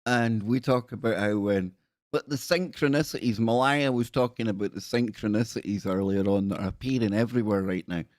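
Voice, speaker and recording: A man's voice: lowish voice, a little fast, dry recording, clean studio sound. A Glaswegian man from Scotland hosting a live stream, chatting in a jokey, rambling way and often breaking off mid-sentence. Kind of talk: casual live-stream chat.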